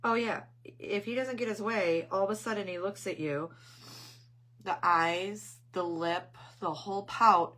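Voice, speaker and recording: A woman's voice: fairly low pitch, pushed and bright. A middle-aged woman hosting a craft channel, chatting casually on a live stream and telling rambling family stories. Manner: greets viewers mid-story.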